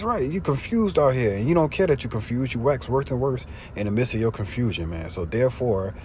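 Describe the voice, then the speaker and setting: A man preaching informally, slangy and profane, often asking if you see what he's saying, and reading scripture louder. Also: lively intonation, a little fast, few pauses, breathy edge. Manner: louder and higher when reading scripture aloud. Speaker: street preacher. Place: in a car. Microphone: phone.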